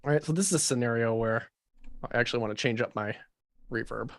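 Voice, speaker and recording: A man's voice: mid-range voice, fast talker, fairly bright tone, faint music behind. A man running a live mixing tutorial over a video call, casual and thinking aloud with plenty of fillers. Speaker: mixing engineer teaching a livestream.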